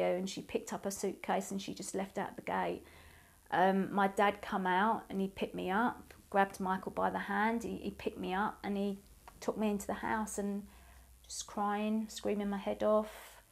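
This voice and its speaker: A woman in her forties speaking as a survivor, giving a halting, emotional personal testimony with many pauses. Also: medium pitch, flat delivery, gravelly. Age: 40s. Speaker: abuse survivor sharing her story.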